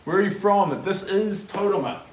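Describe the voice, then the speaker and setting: His voice sits high and his pace is moderate: a young New Zealand man with a New Zealand accent painting on a live stream. He chats casually, answers viewer comments, and mutters to himself while working. The room is echoey, the mic distant, and the audio noisy.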